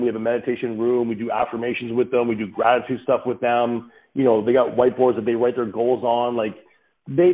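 A man being interviewed as a guest on a parenting podcast, speaking in an earnest, reflective way and explaining his views with everyday examples. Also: medium pitch. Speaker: podcast guest, father of several kids. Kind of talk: casual interview answers. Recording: tinny phone-like line.

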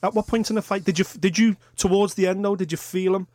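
A male talk radio host with a fairly high voice who speaks fast and with animation. He stacks several questions on top of each other. The studio sound is dry and close. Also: steady tone, darkish tone, dry recording.

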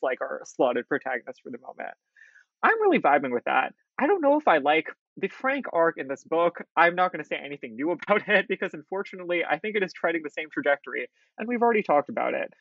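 Guy chatting on a book podcast, kinda high voice, tons of likes, dull dry audio. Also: gravelly, fairly bright tone, dry recording. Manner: chatty, laughs often, lots of "like". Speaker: podcast co-host. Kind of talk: casual book discussion. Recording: muffled dry recording.

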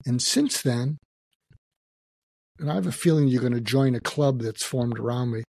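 An older man speaking as a psychiatrist guest in an interview, reflective and halting, with many restarts. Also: medium pitch, gravelly, a little mellow, slightly rough, no room sound. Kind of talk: emotional personal interview talk.

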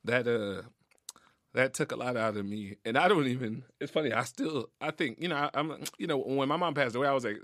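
A man speaking as a podcast guest, emotional and close to tears as he tells his story. He talks earnestly in casual slang at a middle pitch. The studio sound is dry and close. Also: quick pace, a bit bright, dry recording. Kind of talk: heartfelt casual conversation. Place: recording studio.

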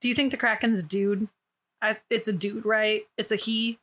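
A woman's voice: mid-range voice, fairly even intonation, normal speed, fairly bright tone. A woman co-hosting a podcast in casual chat, joking and giggling as she argues her point. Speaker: podcast co-host.

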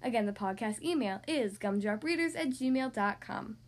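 A woman hosting a podcast for young kids, reading a storybook aloud in a bright animated way. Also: on the high side, moderate pace.

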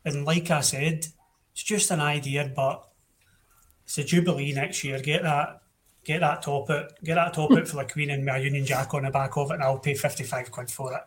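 A man's voice: fairly high pitch, flat delivery, normal speed, a little hiss or hum. A young Scottish man hosting a casual football podcast, blunt and opinionated, often restarting his sentences. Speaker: podcast host.

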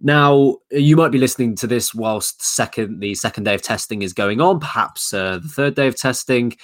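A man's voice: mid-range voice, moderate pace. A man co-hosting a podcast, thinking aloud in casual chat with frequent ums and restarts. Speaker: podcast co-host.

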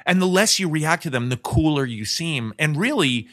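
A man's voice: fairly high pitch, animated, moderate pace, fairly bright tone. A middle-aged man hosting a podcast, telling a story in casual chat with lots of restarts and self-mocking asides. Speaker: podcast host.

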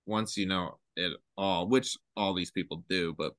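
A man talking as a podcast guest, earnest and halting, often restarting his sentences. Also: sits low, a bit bright, dry recording. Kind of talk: casual chat.

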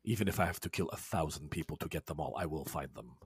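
A man voicing a menacing male vampire bodyguard who speaks in a deep, cold growl. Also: quick pace, breathy edge, exaggerated voice. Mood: threatening.

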